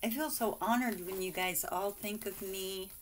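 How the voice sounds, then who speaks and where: A woman's voice: medium pitch, moderate pace, slight background noise. A woman vlogger chatting casually and gushing over cards and mail sent by friends, exclaiming and giggling often.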